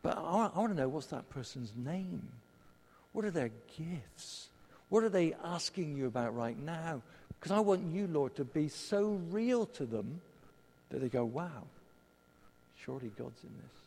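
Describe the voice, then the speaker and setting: A man's voice: fairly high pitch, lively intonation, a little slow, a little mellow. A man preaching a sermon and leading prayer, conversational with self-deprecating humour. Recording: long hall reverb.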